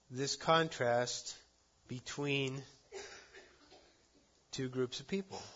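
A man preaching a sermon, earnest, rising to loud emphasis and dropping to soft endings. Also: mid-range voice, highs cut off. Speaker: pastor.

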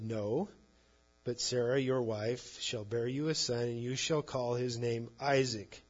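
In a lo-fi recording, a man with a medium-pitched, breathy-edged voice delivers a sermon. He reads from the Bible and paraphrases it in plain, conversational speech.

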